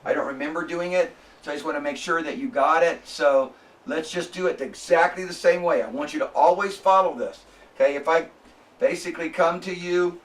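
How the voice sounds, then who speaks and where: A man with a fairly high voice teaching a class, heard from a distance through a single room mic. He walks students through each sound step by step, pausing often to ask if they follow. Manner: spells out sounds slowly, checks in with "okay?". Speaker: lecturer. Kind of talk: classroom lecture. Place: lecture classroom.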